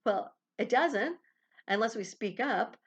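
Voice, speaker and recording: A woman's voice: on the high side, animated, slow pace, slightly rough. A woman hosting a spiritual self-help podcast, talking casually and with animation, laughing and acting out small quoted exchanges. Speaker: podcast host.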